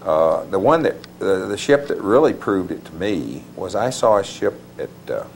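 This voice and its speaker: Very deep, gravelly-voiced man rambling. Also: big pitch swings, normal speed, a little mellow, slight background noise. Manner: meandering, with many uh fillers and restarts. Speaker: author and interview guest. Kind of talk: rambling conversational interview answers.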